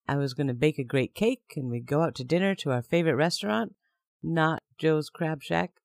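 A man's voice: on the high side, normal speed, gravelly, no echo, studio quality. A man narrating a first-person story in a plain, conversational way.

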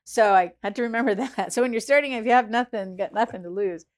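A woman chef, a guest in an interview, telling a story in a lively way, acting out what people said and swinging between hushed and loud. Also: a little high, fast. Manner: animated, acts out quoted voices, swings between hushed and loud. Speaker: chef and restaurant founder, guest.

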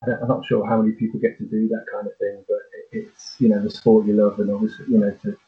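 A man's voice: lowish voice, flat delivery. Middle-aged man on a tinny line. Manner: halting, searching for words. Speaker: podcast guest, flag football parent. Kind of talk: casual chat, reflective.

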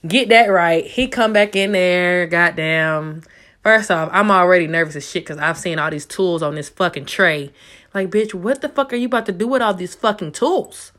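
A woman in her twenties telling a casual story to her viewers, loud and profane, often jumping up into high squeals. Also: moderate pace. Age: 20s. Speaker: vlogger.

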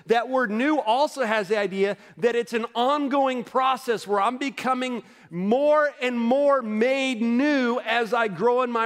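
Male pastor with a high voice, preaching in a casual, conversational way that rises to emphatic peaks. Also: a bit bright. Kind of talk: sermon.

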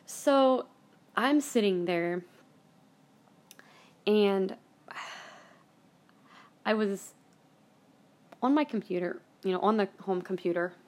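A woman hosting a show, telling a story from her own life in a casual, rambling way, blunt and quick to swear. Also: mid-range voice. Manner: chatty and blunt, swears freely; rambling, with many fillers and self-corrections. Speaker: podcast host.

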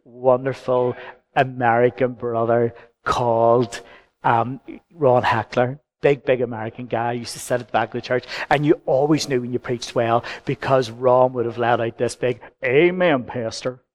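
A man, a pastor preaching a sermon in church with gentle humour and personal stories. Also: medium pitch, flat delivery, moderate pace. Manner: anecdotal, gently humorous preaching.

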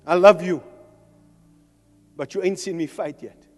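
A man with a strikingly high voice preaches with fire, climbing into shouts and throwing jokes at the crowd. His words ring out in the long reverb of a large hall, with soft music playing behind. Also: a little slow. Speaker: preacher at a men's conference. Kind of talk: fervent sermon.

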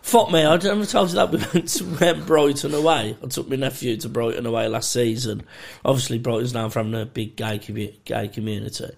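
A man's voice: mid-range voice, brisk, creaky, hardly any pauses. A man co-hosting a podcast, telling sweary stories in casual chat and laughing often. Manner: sweary storytelling, laughs a lot. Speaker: podcast co-host.

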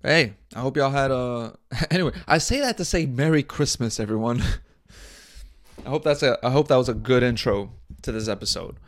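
Crude, rambling young podcast host. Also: male voice, medium pitch, normal speed, dry recording. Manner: crude, joking, rambling with mock outrage. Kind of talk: casual solo podcast monologue. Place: small indoor set.

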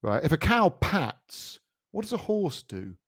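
A British man co-hosting a podcast, rambling through jokes in a playful, deadpan way. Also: a little high, a little slow, breathy edge, no room sound, studio quality. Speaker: podcast co-host. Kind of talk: casual comedic chat.

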